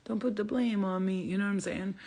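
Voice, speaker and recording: A woman's voice: medium pitch, steady tone, brisk, a little mellow. A woman hosting a casual livestream as a spiritual healer, talking bluntly and profanely and laughing often as she answers viewers. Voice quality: gravelly, husky.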